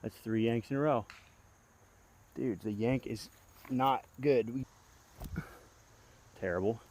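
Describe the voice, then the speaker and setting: A young man filming himself outdoors, giving excitable play-by-play of his own throws as he talks to himself, pleading and groaning. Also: mid-range voice, slow. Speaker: disc golf vlogger. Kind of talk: self-filmed play-by-play commentary. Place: outdoor disc golf course.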